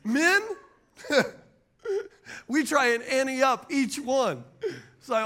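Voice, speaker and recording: High-pitched pastor preaching. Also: male voice, animated, unhurried, pauses often, a bit bright. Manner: call-and-response preaching, asks the crowd for amens. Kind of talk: sermon.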